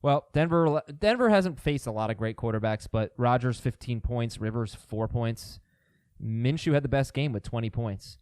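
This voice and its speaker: A man hosting a casual sports chat show in a studio, quick and questioning as he steers his panel. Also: medium pitch, lively intonation, darkish tone, clean tone, no room sound. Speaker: show host.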